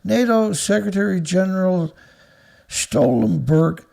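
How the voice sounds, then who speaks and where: A man's voice: high voice, takes it slowly, gravelly, darkish tone. A man hosting an angry, profane commentary show, reading out headlines and then ranting about them with insults. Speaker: news commentary host.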